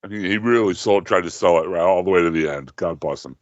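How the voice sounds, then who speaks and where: A man's voice: low-pitched, fast, no room sound, muffled recording. A man who is a guest on a casual podcast, laughing often and making jokey asides.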